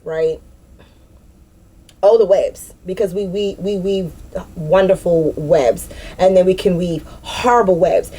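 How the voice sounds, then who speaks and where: A woman's voice: mid-range voice, a little fast, slightly rough. Slangy, profane woman reading cards. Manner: loose, profane, slangy and animated. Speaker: tarot reader. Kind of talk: casual spiritual card reading.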